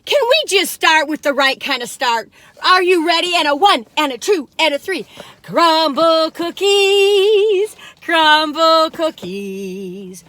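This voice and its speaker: A middle-aged woman, talking in a bright, high voice. She chatters on in a bubbly, rambling way and now and then breaks into a little song. The sound is close and dry, as from inside a small parked car. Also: very animated, normal speed, no echo. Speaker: food review vlogger. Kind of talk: chatty cookie taste-test vlog.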